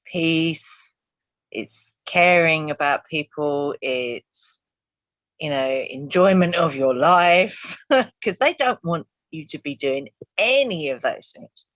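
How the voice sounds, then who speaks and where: A woman's voice: sits low, expressive, slow pace, a bit bright, no room sound. A woman co-hosting a casual podcast chat, often reacting with short interjections and laughs. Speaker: podcast co-host.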